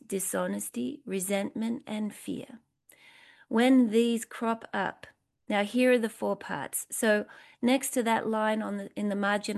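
A woman leading a recovery program step study, reading passages aloud and explaining them point by point in a deliberate, instructive way. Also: mid-range voice, gravelly. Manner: slow, deliberate, instructive, lists points one by one.

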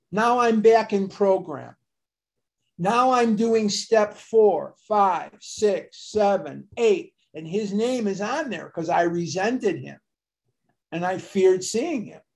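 An older man sharing his story at a recovery meeting, earnest and confessional, with emphatic bursts. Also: high voice. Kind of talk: personal storytelling share.

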